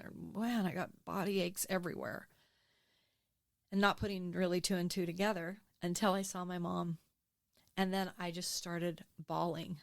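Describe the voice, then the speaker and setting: A woman in her sixties, a podcast guest, telling her own story in a candid, emotional, animated way and acting out what she said back then. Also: on the low side, normal speed, gravelly, dry recording, studio quality. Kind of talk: candid interview conversation. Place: podcast studio.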